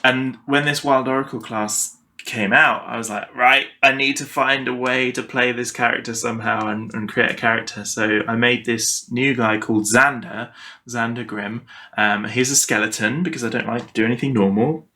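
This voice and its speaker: A man's voice: mid-range voice, steady tone, normal speed, bright, forceful tone. A man chatting animatedly about his tabletop game characters, swearing casually, on a video call. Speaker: podcast guest.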